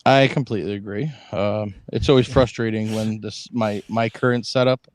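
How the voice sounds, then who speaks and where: A man's voice: lowish voice, fairly even intonation, moderate pace. A man co-hosting a live fantasy football draft stream, easygoing and rambling in casual chat. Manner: easygoing, chuckling, rambling with restarts. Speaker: podcast co-host.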